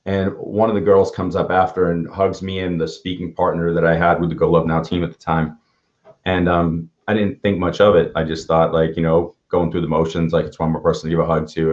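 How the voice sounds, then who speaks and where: A man's voice: low-pitched, a little mellow. A man who speaks at schools, telling stories in a casual conversation, earnest and often restarting his sentences as he acts out what people said. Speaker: motivational speaker. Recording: dull lo-fi sound.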